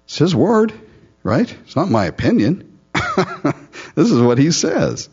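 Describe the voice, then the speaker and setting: A man's voice: fairly high pitch, wildly swooping pitch, takes it slowly, a little mellow, husky, dull audio. A man preaching a sermon as pastor, teaching verse by verse, laughing often and acting out the Bible figures with sarcasm.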